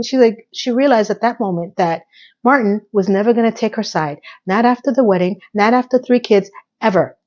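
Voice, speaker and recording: A woman's voice: fairly high pitch, highs cut off. Chatty opinionated woman recapping an episode.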